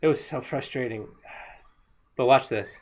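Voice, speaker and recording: A woman talking casually over her own gameplay footage, excitable and rambling, laughing often. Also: very deep voice, a little slow. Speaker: gaming video creator.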